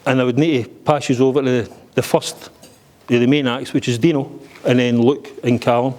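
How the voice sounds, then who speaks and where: A man's voice: medium pitch, fairly even intonation, normal speed, darkish tone. A middle-aged Scottish man giving a joking, blunt father-of-the-bride speech at a wedding reception, swearing freely.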